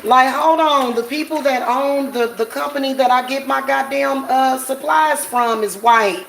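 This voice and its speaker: A woman's voice: high voice, measured pace, gravelly, fairly bright tone, reverberant. Blunt, profane woman ranting at home. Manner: blunt, profane, laughing, talks straight to viewers. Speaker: spiritual practitioner vlogger. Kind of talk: casual ranting vlog.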